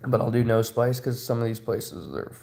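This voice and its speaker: A man's voice: mid-range voice, animated, moderate pace, gravelly, warm tone. A man in his thirties chatting casually on a livestream, rambling and joking crudely. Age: 30s. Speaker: streamer.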